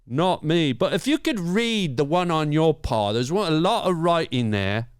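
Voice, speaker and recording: A man's voice: on the high side, animated, normal speed, clean tone, no room sound, studio quality. A man co-hosting improvised comedy banter, brashly insulting a caller while putting on a mock-British "mate" manner. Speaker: co-host.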